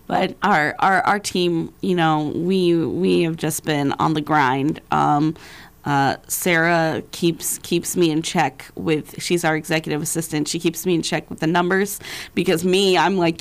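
Woman, lowish voice, bubbly, laughs a lot, charity event organizer. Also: unhurried. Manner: bubbly, laughs often, quotes people in lively voices. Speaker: nonprofit event organizer guest. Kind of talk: casual chat.

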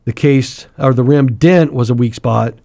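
A man's voice: medium pitch, measured pace, gravelly, warm tone. A man co-hosting a local radio talk show, explaining things in detail from notes with jokey asides. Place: radio studio.

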